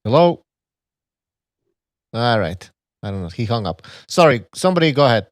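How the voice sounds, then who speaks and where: A man's voice: mid-range voice, very animated, normal speed, no echo, studio quality. Blunt, bossy male podcast host. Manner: blunt, bossy, profane moderator. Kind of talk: casual podcast chat.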